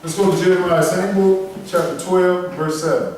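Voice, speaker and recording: A man's voice: high-pitched, steady tone, brisk, a little mellow, heavy reverb, recorded from a distance, a little hiss or hum, poor audio. A man preaching a sermon with emphatic delivery, calling on a reader to read scripture aloud. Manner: emphatic, preaching in dialect with call-and-response to a reader.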